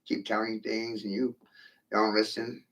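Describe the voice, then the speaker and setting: A man's voice: lowish voice, little pitch movement, unhurried, a bit bright. A man ranting on a livestream, profane and provocative, firing rhetorical questions at his viewers. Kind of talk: rambling livestream rant.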